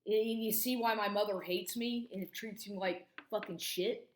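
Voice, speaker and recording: A woman's voice: mid-range voice, steady tone, measured pace, slight background noise. A woman in her forties giving an agitated monologue to camera, swearing constantly and stumbling over restarts. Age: 40s. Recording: echoey room recording.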